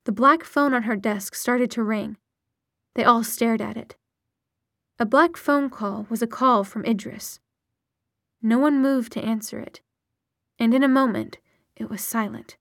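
A woman narrating a novel aloud in a steady, measured storytelling manner. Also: a little high, dry recording, studio quality. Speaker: audiobook narrator. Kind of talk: audiobook narration.

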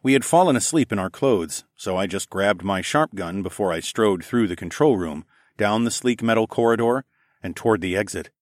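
Brief: low male narrator, animated pitch, dry booth sound. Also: normal speed, no echo. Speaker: audiobook narrator. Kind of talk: first-person storybook narration.

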